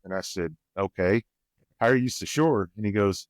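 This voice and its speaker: Podcast guest, male, twang, folksy storyteller, lowish voice, dry booth sound. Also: moderate pace, no echo. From Missouri, USA. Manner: rambling, folksy, quotes others with raised pitch. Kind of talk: casual storytelling.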